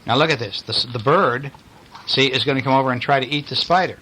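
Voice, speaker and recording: A man's voice: mid-range voice, fast talker, sharp tone, a little hiss or hum, poor audio. A man reading picture books aloud to a child in bed, breaking off in a chatty, playful way to point out the pictures. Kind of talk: bedtime story reading. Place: in bed at home.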